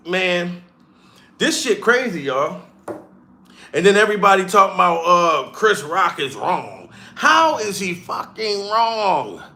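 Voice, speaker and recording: A streamer who does comedy goes on a heated, profane, mocking rant live, addressing chat as he goes. He has a high, pushed, bright voice.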